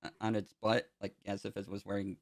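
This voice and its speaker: A man narrating a tabletop game as game master, relaxed and chuckling, with loose fillers. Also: lowish voice, fairly quick, vocal fry.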